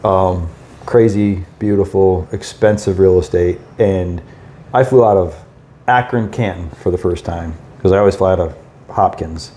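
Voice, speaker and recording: A man tells a story in a casual podcast chat, his pitch swooping up whenever he acts out what someone said. A faint hiss sits under the recording. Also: moderate pace. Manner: animated anecdote-telling with acted-out quotes. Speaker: podcast co-host.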